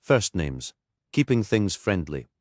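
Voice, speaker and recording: A man's voice: low voice, big pitch swings, slow, a little mellow, dry recording, clean studio sound, exaggerated voice. A man voicing a jovial male police superintendent who beams at his own jokes, in an audiobook. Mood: delighted. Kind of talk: audiobook character voice.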